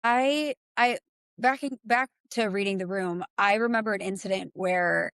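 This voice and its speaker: A woman co-hosting a podcast in casual chat, emphatic and animated, jumping up in pitch when she quotes people. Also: moderate pace, clean tone, no echo. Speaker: podcast co-host.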